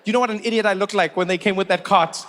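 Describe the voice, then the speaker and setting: A man's voice: sits high, fairly even intonation, fast, a bit bright, slight background noise. A man in his forties from South Africa doing stand-up comedy, telling stories with incredulous rising questions.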